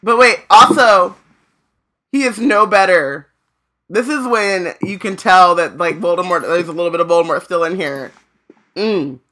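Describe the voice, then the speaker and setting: A woman's voice: fairly low pitch, moderate pace, bright, forceful tone. A woman co-hosting a casual book-discussion podcast, dropping joking, wisecracking asides. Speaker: podcast co-host.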